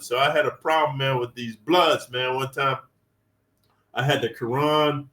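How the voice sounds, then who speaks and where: A man's voice: medium pitch, fairly even intonation, unhurried, sharp tone, distant mic. A man from California, a former inmate telling prison stories in a blunt, streetwise way, heavy with slang and swearing. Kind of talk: profane storytelling. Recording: roomy, set back from the mic.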